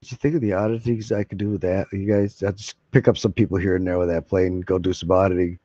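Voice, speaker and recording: A man's voice: sits low, little pitch movement, fast, dark tone, dry recording. A man live streaming, chatting casually to his viewers in a rambling, folksy way and swearing freely. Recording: dull lo-fi mic.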